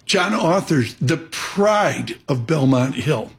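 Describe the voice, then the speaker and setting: A man hosting a morning radio show, teasing his guest and rambling through quick jokes. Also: fairly high pitch, expressive, breathy edge. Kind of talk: joking morning radio banter.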